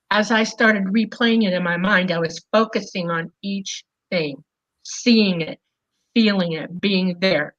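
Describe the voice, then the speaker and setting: Animated woman telling a story. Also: lowish voice, muffled recording. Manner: animated, lots of fillers and "okay?". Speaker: guest recounting an experience. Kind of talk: casual storytelling.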